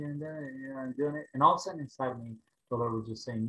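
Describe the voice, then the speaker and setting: Animated male preacher telling a story. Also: a little high, fast talker, echoey room, poor audio. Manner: animated storytelling, rising to loud exclaims when acting out prayers. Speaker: pastor. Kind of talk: sermon over a video call. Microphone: video call.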